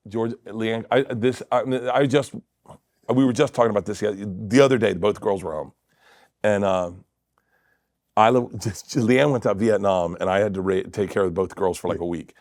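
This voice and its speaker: A middle-aged man, a comedian guest, telling animated family stories in casual chat and acting out quotes with cursing. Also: lowish voice, normal speed, dry recording, clean studio sound. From Florida.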